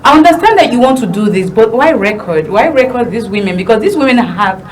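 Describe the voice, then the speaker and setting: A woman co-hosting a casual news chat, expressive and quick to laugh. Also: on the high side, rough recording. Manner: laughs often, animated and expressive. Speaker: news show co-host.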